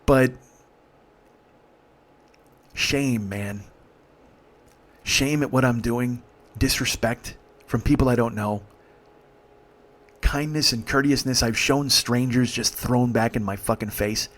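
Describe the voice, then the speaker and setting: A man's voice: medium pitch, slow pace, pauses often, a bit bright. 40s guy telling a wild story on his podcast, swearing a lot, intense and confessional. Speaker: comedian storyteller. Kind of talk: comedic storytelling podcast monologue.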